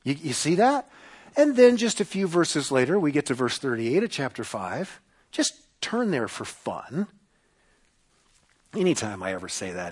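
A man preaching a sermon to a congregation, animated and acting out the voices he quotes. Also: fairly high pitch, slightly rough. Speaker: pastor.

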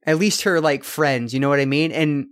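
A man in casual podcast chat with a somewhat high-pitched voice. He rambles through his points and fills the gaps with ums and restarts. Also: moderate pace, fairly bright tone. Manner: rambling, many fillers and restarts. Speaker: podcast co-host. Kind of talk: casual film review chat.

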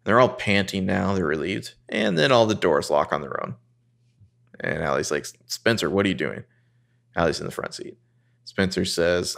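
A man co-hosting a casual podcast, recapping a TV episode and quoting the characters in excited voices. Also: moderate pace, creaky. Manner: animated, jumps into high voices quoting characters.

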